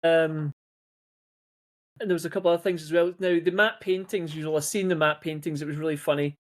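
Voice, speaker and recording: A man's voice: fairly high pitch, steady tone, a little fast. A man hosting a podcast over a video call, rambling casually through film trivia and swearing freely. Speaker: podcast host. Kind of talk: casual chat.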